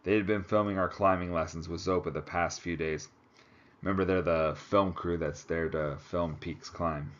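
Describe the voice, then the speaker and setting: A man reads a story aloud and drops in relaxed, chatty asides of his own. His voice sits low. The recording is slightly muffled and lo-fi. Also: moderate pace. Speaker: audiobook reader. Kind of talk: book reading with casual asides.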